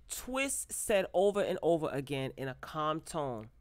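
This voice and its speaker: A woman recaps a reality show into a close microphone, animated and often laughing as she acts out what people said. Her voice sits a little low for a woman. The sound is dry, with no room echo. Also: unhurried, few pauses. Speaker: TV recap vlogger.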